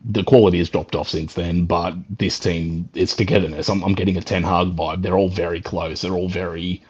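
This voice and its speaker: An Australian man phones in to a football show, excited and laid-back in casual chat. His voice is low and slightly husky, and it comes through a dull, lo-fi call line. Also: fairly quick. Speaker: caller.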